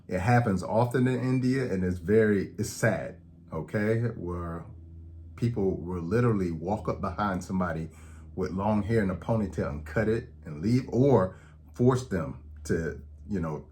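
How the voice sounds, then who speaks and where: A man's voice: on the low side, darkish tone. A man talking to camera as a health educator, conversational and explanatory, often checking in with "okay?". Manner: acts out quoted dialogue in anecdotes. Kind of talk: direct-to-camera talk.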